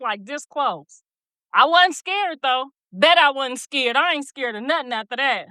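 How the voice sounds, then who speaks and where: A woman's voice: high-pitched, moderate pace, sharp tone, dry recording. A woman hosting a livestream, telling stories bluntly with plenty of profanity and preachy asides, and reading viewer comments aloud. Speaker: livestream host. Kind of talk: casual livestream chat.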